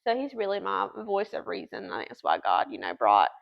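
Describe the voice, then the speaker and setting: Gravelly-voiced woman telling her story. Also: mid-range voice, wildly swooping pitch, dull audio. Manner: chatty, earnest, quick storyteller. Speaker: guest. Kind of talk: candid personal story.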